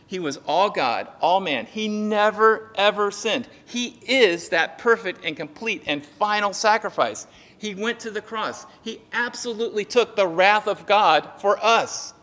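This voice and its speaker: A man preaches a sermon from the pulpit, his voice high and bright. He jokes and acts out little dialogues, swinging his pitch widely. The sound carries a long reverb from the church hall. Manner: lively, jokey preaching with acted-out dialogue. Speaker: pastor. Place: church sanctuary.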